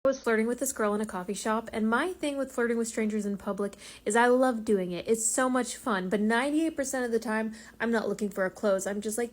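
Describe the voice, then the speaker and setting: A woman with a slightly high voice tells a funny personal story. She talks in a chatty way and pokes fun at herself with quick asides. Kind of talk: comedic storytime monologue.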